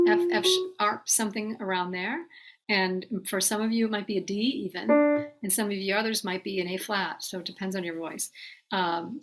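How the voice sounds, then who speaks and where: A woman's voice: mid-range voice, husky. A woman voice teacher giving a singing lesson, explaining patiently and talking directly to her students. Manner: breaks off to sing short demonstrations.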